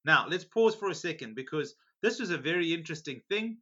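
Animated, amused male preacher. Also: on the high side, brisk, breathy edge, lo-fi sound. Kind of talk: sermon reading scripture with commentary.

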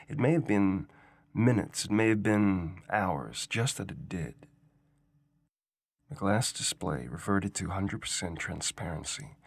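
Gravelly, low-voiced male story narrator. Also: no room sound. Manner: measured, unhurried storytelling. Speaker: guest reader. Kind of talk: scripted narration.

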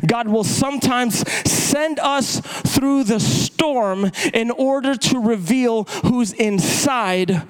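High-voiced impassioned preacher man. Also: smooth, low-quality recording. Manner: impassioned, repeats words, swings pitch up and down for emphasis. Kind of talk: sermon.

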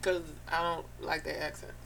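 A woman's voice: deep voice, flat delivery, moderate pace, creaky, a bit bright. A woman, a podcast guest, in casual chat with blunt, teasing comebacks.

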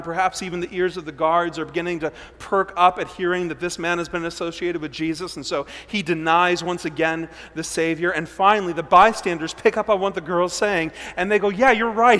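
A man preaching a sermon as pastor, swinging between loud emphasis and hushed, low passages. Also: in a large hall.

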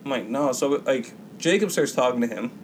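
A man's voice: medium pitch, animated, fairly quick, a little hiss or hum, rough recording. A man co-hosting a podcast, telling a rambling, profane story in casual chat and acting out the voices of the people in it. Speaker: podcast co-host.

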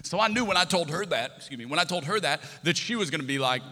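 A man preaching, telling a personal story in an animated, self-interrupting way and joking with the congregation. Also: on the high side, fast talker. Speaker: pastor. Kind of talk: sermon storytelling. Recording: reverberant hall.

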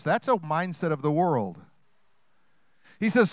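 A male pastor preaching a sermon in a lively, conversational way that often acts out voices. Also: fairly high pitch, normal speed, long pauses, dry recording.

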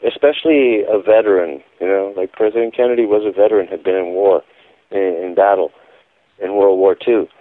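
A man with a lowish voice speaks a little fast in a phone-in radio interview, telling his account emphatically and insistently. The audio is a dry, tinny phone line.

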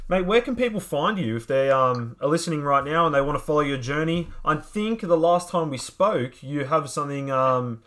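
A man hosts a casual podcast interview, asking questions with plenty of ums. He laughs along readily and sounds enthusiastic. His voice sits at a middle pitch. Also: a bit bright. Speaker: podcast host.

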